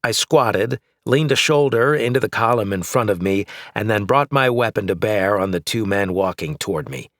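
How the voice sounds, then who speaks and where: A man narrating an action novel in first person, in a steady, measured way. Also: lowish voice, no echo, clean studio sound. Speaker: audiobook narrator.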